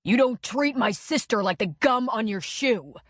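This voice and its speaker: A woman's voice: a little high, animated, a little slow, no echo, studio quality, pitched above the performer's own voice. A woman voicing a furious, protective brother who talks nasally through a broken nose, belligerent and threatening.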